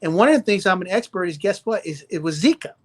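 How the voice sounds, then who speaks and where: A man's voice: high voice, lively intonation, fast. Emphatic Southern man lecturing. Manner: emphatic, lecturing, repeats points for stress. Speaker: doctor guest. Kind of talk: live-stream interview.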